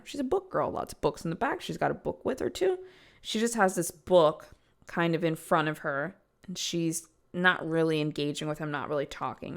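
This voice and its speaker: Her voice sits low and gravelly as this young adult podcast host tells a true-crime story. She's casual and emphatic, and swears now and then.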